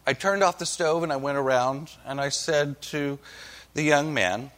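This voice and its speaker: A man's voice: fairly high pitch, normal speed, fairly bright tone. A male pastor from Oklahoma reading scripture and preaching with folksy, wry humor. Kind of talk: sermon with storytelling.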